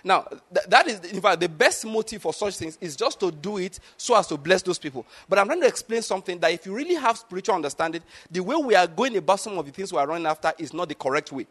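High-voiced emphatic male preacher. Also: animated, quick pace, few pauses, fairly bright tone, breathy edge. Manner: emphatic, repeatedly asks the congregation if they follow. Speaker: pastor. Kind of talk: sermon.

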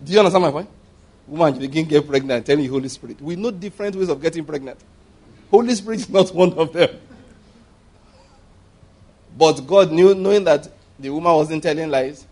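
A man preaching, his voice sitting a little high for a man. He keeps the sermon conversational and humorous, chuckling along. He jumps up sharply in pitch to stress a point. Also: a little fast, long pauses, husky. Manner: animated, jumping up in pitch for emphasis.

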